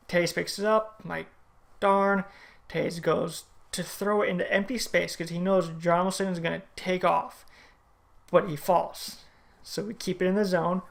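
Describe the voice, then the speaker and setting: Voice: mid-range voice, vocal fry. A hockey fan casually recapping a game in a vlog, retelling the plays one by one with strong opinions. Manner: play-by-play retelling, opinionated and chatty.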